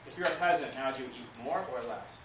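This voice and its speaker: A man teaching history to a class, lively, asking questions and answering them himself. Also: mid-range voice, fairly quick. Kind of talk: classroom lecture. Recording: echoey classroom recorded from far off, noisy.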